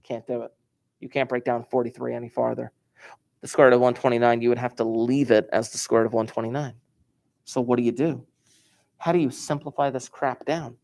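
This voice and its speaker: A middle-aged male math teacher recording a lesson, talking students through each step in a playful, animated way. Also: mid-range voice, brisk, gravelly.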